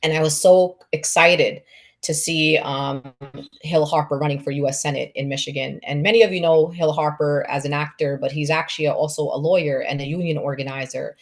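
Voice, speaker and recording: A woman's voice: sits low, fairly even intonation, fairly quick. A woman from New York hosting an event, introducing the next speaker with enthusiasm and many ums. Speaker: event host.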